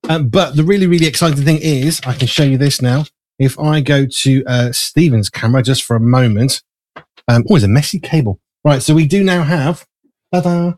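A man's voice: medium pitch, moderate pace, darkish tone. A man hosting a live studio chat show, rambling with fillers while eating and a bit out of breath. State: slightly out of breath. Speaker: show host. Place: small studio.

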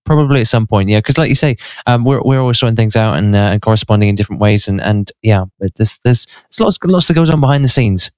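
A man's voice: lowish voice, fast, few pauses, a little mellow, dry recording, clean studio sound. A man chatting casually as co-host, thoughtful and hesitant with many fillers and restarts. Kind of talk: casual chat.

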